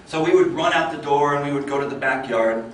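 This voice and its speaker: A man's voice: brisk, slight background noise. Man telling a story in an echoey hall. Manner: animated, builds up energy then drops low. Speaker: club speaker. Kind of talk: storytelling speech. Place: meeting hall. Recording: echoey hall, mic far off.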